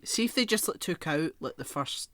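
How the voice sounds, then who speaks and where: A man's voice: on the high side, lively intonation, moderate pace, sharp tone, no room sound. Exasperated ranting young man. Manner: exasperated, sweary ranting, lots of "like". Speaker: podcast co-host. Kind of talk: casual chat.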